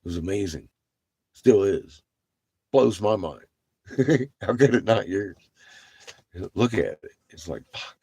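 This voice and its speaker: A man's voice: on the low side, lively intonation, slow pace, pauses often, warm tone, husky, no echo. A man ranting profanely to his viewers in a rambling monologue, laughing between lines. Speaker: livestreamer.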